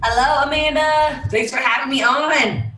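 A woman's voice: sits high, normal speed, bright, forceful tone, faint music behind. A woman guest casually telling her story on a podcast, chatty and full of "like". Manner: chatty, peppered with "like" and laughs. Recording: roomy, distant from the mic.

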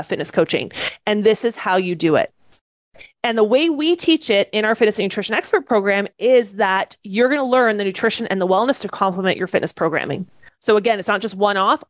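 A woman runs a live online training session for aspiring fitness coaches, talking to her camera. She sounds eager and keeps checking in with her listeners. Her voice sits in a middle pitch, and the recording is dry and close. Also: no echo. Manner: enthusiastic, checks in often with "okay?" and "right?". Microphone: webcam setup.

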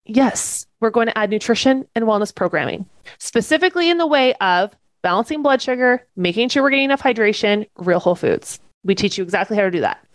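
A woman's voice: a little high, lively intonation, fairly quick, no echo. A woman leading a live online fitness-coaching training class from a webcam setup. She speaks with enthusiasm and keeps checking in with "okay?" and "right?".

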